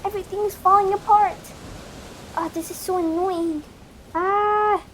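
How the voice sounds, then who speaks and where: A woman's voice: very high-pitched, steady tone, measured pace, fairly bright tone, a little hiss or hum. A woman voicing a chatty adult woman doll at the beach for a toy play video, talking to herself with little sighs.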